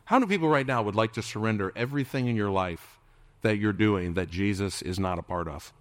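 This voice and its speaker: A man's voice: fairly low pitch, brisk, no echo. A man preaching as a pastor, firing questions at the congregation and slipping into playful impressions. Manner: preachy, asks the crowd many questions, jokes and mimics. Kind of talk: sermon.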